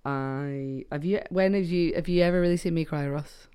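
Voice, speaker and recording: A woman chatting on a podcast while losing her voice to a chesty cough. She is frank and quick to laugh, filling her talk with likes and ums. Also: low-pitched, warm tone, clear, resonant tone. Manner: frank, laughing, lots of fillers. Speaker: podcast co-host. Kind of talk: casual chat.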